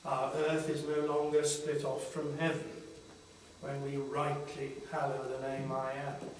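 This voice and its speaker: An older man giving a slow, reflective spiritual talk at a conference panel, pausing often between phrases. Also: medium pitch, completely flat delivery, a little hiss or hum. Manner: slow, reflective, with long pauses. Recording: echoey hall from far off.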